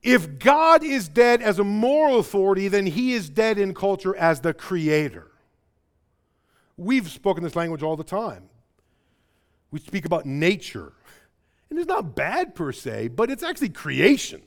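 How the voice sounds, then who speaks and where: A Chicago-area pastor from the American Midwest delivers a sermon in an animated style, speaking a little slowly. He swings between loud, emphatic stretches and quiet, low passages, and when excited he stumbles and repeats words.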